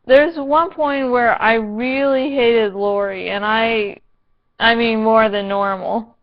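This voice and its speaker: A woman's voice: fairly high pitch, fairly even intonation, slow pace, lo-fi sound. A woman reviewing a TV episode in a casual vlog, sarcastic, playful and given to swearing.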